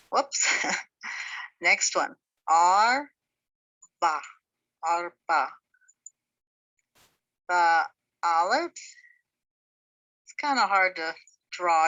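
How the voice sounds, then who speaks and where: Lady teacher going really slow, bright clear voice, breaking words into syllables. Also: mid-range voice, poor audio. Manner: slow, patient, sounds out syllables one by one. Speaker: Hebrew teacher. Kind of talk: slow spoken language lesson.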